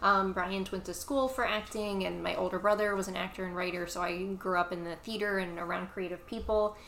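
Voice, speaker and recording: A woman guest on a podcast, friendly and chatty, quick to laugh as she tells her story. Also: mid-range voice, steady tone, fairly bright tone, slight background noise. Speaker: guest, comics editor-in-chief. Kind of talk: casual interview chat. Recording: echoey room.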